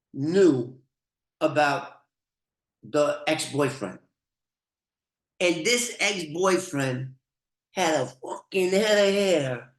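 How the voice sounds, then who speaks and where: A man's voice: a little high, fairly bright tone. Profane older man telling a story. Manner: profane, rambling, laughs often. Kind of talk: casual storytelling. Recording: roomy echo.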